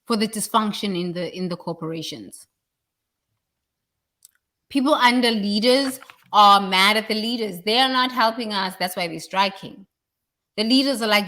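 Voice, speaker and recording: A woman's voice: medium pitch, normal speed, bright, forceful tone. A woman giving a blunt, preachy motivational talk about work and responsibility, swearing freely. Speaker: leadership speaker.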